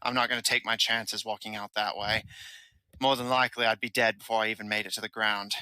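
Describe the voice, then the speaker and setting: A scornful captive woman, proud and cold, delivering measured threats with icy dignity, as a male game master puts her on. The voice sits low and sounds very bright and crisply clear. It comes across dry and close, with no room sound around it. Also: flat delivery, no echo, rough recording. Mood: grudging.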